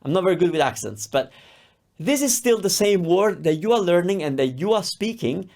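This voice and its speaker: A man with an Italian accent guides learners through an online language lesson. His voice sits a little high and has a gravelly edge. He explains patiently and slows down to model words. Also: animated, darkish tone. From Italy, Rome area. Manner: reassuring, explanatory, models pronunciations slowly.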